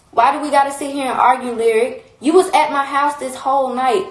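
Young woman, phone live stream, blunt heated rant, somewhat high voice, echoey room. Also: steady tone, brisk. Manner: heated, repetitive, blunt and profane. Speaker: livestreamer. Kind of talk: casual livestream rant.

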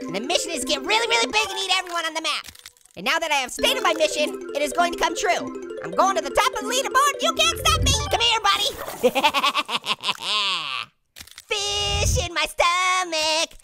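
A man's voice: very high-pitched, big pitch swings, normal speed. A man voicing a cheeky, hyper talking orange who giggles constantly while he trash-talks through a let's-play game commentary, goofy and boastful with potty jokes. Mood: giddy, taunting. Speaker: gamer. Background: game music.

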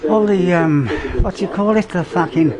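Inside a derelict cottage loft, an older vlogger gives a rambling, swear-filled tour of the half-stripped space he's renovating, constantly cursing, forgetting things, and groping for words. His voice is high-pitched at a moderate pace, and the poor audio carries a noisy crowd behind it.

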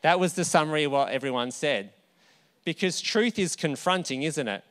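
A man's voice: on the high side, animated, normal speed, a bit bright. A male pastor with an Australian accent, telling a personal story in a conversational sermon with asides and self-corrections. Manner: conversational, anecdotal, with asides and restarts.

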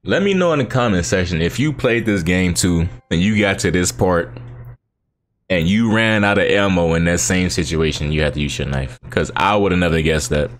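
A man plays games on his channel and chats casually in a deep voice at a moderate speed. He keeps things relaxed and slangy, often responding to the game directly.

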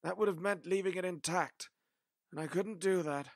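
A man's voice: high voice, normal speed, no echo, studio quality. A man playing the Doctor as a grave, weary time-traveller in a fan audio drama, speaking emphatically.

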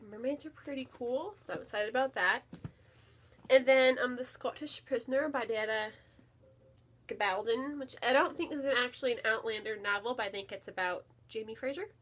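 A book vlogger chats casually at home beside her bookshelf, her voice a little high, fairly bright, and slightly rough, at a normal pace. She's chatty and enthusiastic, filling her talk with fillers, repeated words, and lots of "really."

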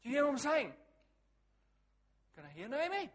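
Guy preaching, real high pitched, goes quiet then loud, keeps asking the room stuff. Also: a little fast, big-room sound. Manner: animated, asks the crowd questions, swings from hushed to loud. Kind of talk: sermon.

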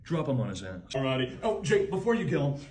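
A man playing a sleazy, scheming male school counselor in a comedy sketch, talking low and smug. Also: very animated, a little fast, a little mellow, close to an everyday voice.

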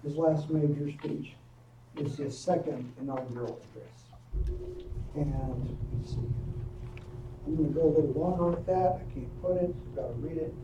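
A man, a professor, giving a history lecture to a college audience. He tells the story in a lively way and breaks in with offhand asides. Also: fairly high pitch, moderate pace. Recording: echoey room, distant mic, faint noise.

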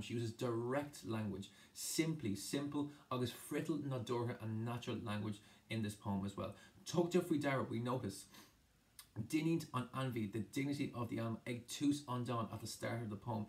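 A man with an Irish accent teaching an exam-prep lesson, explaining a poem line by line, switching between Irish and English with frequent restarts. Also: mid-range voice.

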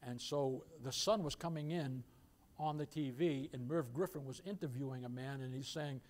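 An older man preaching a sermon, moving from soft storytelling to loud, impassioned warnings. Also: mid-range voice, normal speed. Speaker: pastor. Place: church sanctuary.

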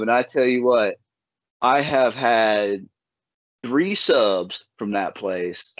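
A man's voice: mid-range voice, animated, no echo. A man hosting a podcast, telling stories in a laid-back, folksy way. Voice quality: laid-back, folksy storytelling with drawn-out words. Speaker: podcast host. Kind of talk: casual podcast chat. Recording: dull, dry lo-fi audio.

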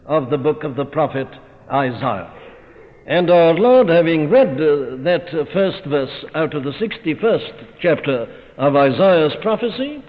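A man preaching in a slow, stately, measured way that swells with force at moments. His voice sits fairly high and carries a long hall reverb. The recording is thin and phone-like, as from an old church tape. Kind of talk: sermon. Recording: tinny narrow-band recording in a reverberant hall.

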